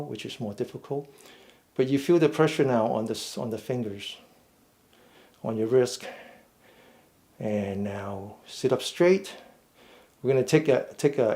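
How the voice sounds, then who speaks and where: Guy teaching a chair exercise class, slow and patient, talks you through each step. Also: medium pitch, a little mellow. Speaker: fitness and meditation instructor. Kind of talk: guided seated exercise class.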